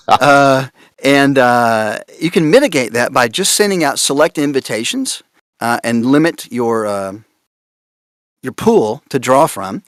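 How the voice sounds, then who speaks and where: A man speaking on a conference panel about voice casting, animated and amused as he reads out odd casting notes. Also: medium pitch, slow pace, long pauses, no echo, studio quality. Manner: animated, laughing, reads out examples with amused disbelief. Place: conference room.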